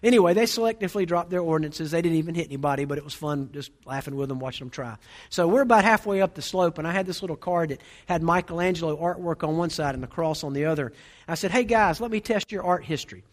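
Fast-talking, high-voiced preacher in his forties. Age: 40s. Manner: humorous storytelling, animated. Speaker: pastor. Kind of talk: sermon.

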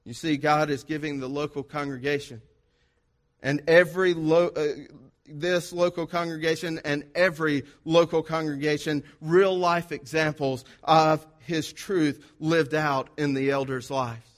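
A man's voice: on the high side, fairly even intonation, measured pace. A man preaching a sermon to his congregation, driving his points home with repeated, rhythmic phrases and a sing-song lift on key words. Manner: emphatic, repetitive, rhythmic lists. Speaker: pastor.

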